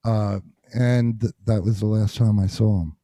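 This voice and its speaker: A man from New Jersey, a bassist and interview guest, telling stories in an animated way and acting out what people said. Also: normal speed, no room sound. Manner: animated storyteller acting out quotes. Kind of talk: storytelling interview.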